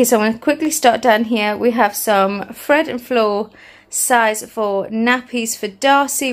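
A woman with a British accent chatting casually on her vlog, listing items one by one and a little out of breath. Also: on the high side. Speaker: family vlogger.

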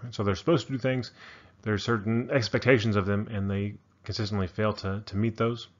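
Lecturer, male, low voice, loose unscripted delivery full of ums, muffled lo-fi sound. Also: steady tone, brisk. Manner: casual, many fillers and restarts. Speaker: psychology lecturer. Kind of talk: narrated lecture.

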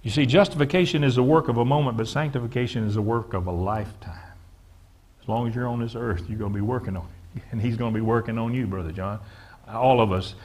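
A fast-talking pastor with a mid-range, somewhat dark voice preaches in a church sanctuary. He calls on the congregation to answer back and repeats words frequently as he builds his argument.

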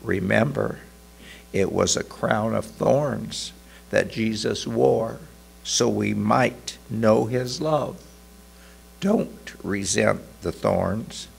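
A man doing a calm, gentle shop clerk woman. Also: lowish voice, drawn-out words, vocal fry, slight background noise, exaggerated voice. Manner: careful, gentle, reassuring.

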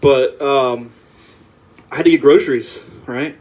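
A man from the American South, a guest on a podcast, telling animated stories in casual chat. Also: mid-range voice, a little slow. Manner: animated storyteller, laughs while telling anecdotes. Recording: slightly dull, lo-fi sound.

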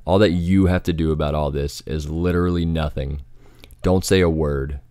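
Man playing a cruel controlling woman, cool and gloating, low voice. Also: steady tone, normal speed, a little mellow, dry recording, studio quality. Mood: cold.

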